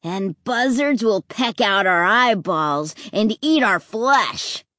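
A woman's voice: medium pitch, lively intonation, slow, bright, forceful tone, no echo, clean studio sound. A woman voicing a mischievous, ghoulish young boy who teases gleefully. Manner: teasing, gleeful.

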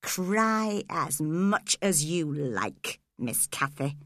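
A woman's voice: big pitch swings, very slow, no room sound, clean studio sound, exaggerated voice. A woman doing a cold, menacing villain man. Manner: low, quiet and controlled, flaring into shouts.

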